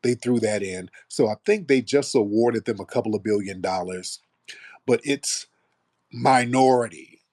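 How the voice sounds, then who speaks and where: A man's voice: mid-range voice, measured pace, darkish tone, no echo, studio quality. A man hosting a call-in show, talking in a mocking, combative way with callers. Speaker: host.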